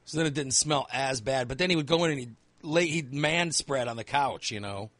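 A man's voice: mid-range voice, fairly quick, fairly bright tone, dry recording. A man telling crude comedic stories in casual chat, acting out quoted lines in a raised voice.

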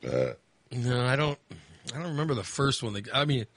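A man's voice: medium pitch, very animated, fairly quick, a bit bright, no echo. A man chatting casually as host, rambling with lots of fillers and restarts. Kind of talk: casual chat.

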